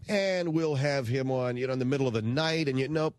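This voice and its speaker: A man's voice: medium pitch, brisk, no room sound. A man hosting a radio talk show, ranting in a blunt, slangy, indignant way into a studio microphone.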